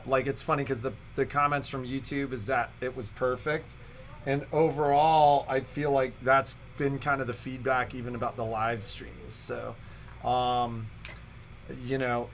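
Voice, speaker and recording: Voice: medium pitch, a bit bright, a little hiss or hum. A co-host of a shop livestream chatting casually and thoughtfully, rambling with fillers, from the sewing shop. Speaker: store co-host.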